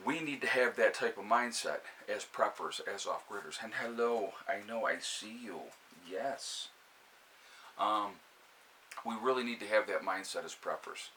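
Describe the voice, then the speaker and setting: A man with a New York accent talks to his viewers in a calm, steady way, with a bright, forceful tone and a slightly low voice. He is sitting indoors by a fire, and a faint hiss sits under the recording. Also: unhurried, rough recording. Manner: calm, steady advice with frequent fillers and restarts. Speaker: prepper channel host. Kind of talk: casual live-stream talk to viewers. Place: indoors by a fire, with a cat nearby.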